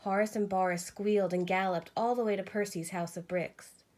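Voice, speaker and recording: A woman teacher reading a children's storybook aloud with lively expression. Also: medium pitch, moderate pace.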